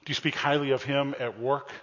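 A man's voice: mid-range voice, flat delivery, brisk, a bit bright. A male pastor preaching a humorous sermon, teasing and calling out to his congregation. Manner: playful, teasing, addresses the congregation directly. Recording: dull, echoey church sanctuary recording.

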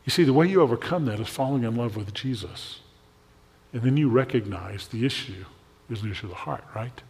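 A man's voice: medium pitch, lively intonation, a little fast, darkish tone. A man preaching a sermon as pastor, conversational and asking his congregation questions. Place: church. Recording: long hall reverb.

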